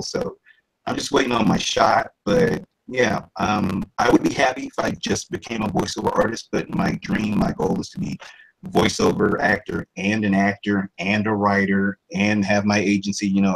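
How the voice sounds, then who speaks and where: A man's voice: creaky, rough recording. A man in his thirties, a voice over artist, talking casually in an interview, rambling with many restarts. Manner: rambling, restarts often, jumps into higher impressions.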